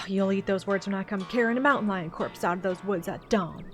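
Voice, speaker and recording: A stubborn old backwoods man with a put-on Southern drawl growls and grumbles through a horror game scene, as a woman voices him. His talk is folksy and blunt, pitched in a middle range. Music plays steadily behind him. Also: fairly quick, natural voice. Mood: threatening. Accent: put-on generic Southern US. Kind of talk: voiced-over game dialogue.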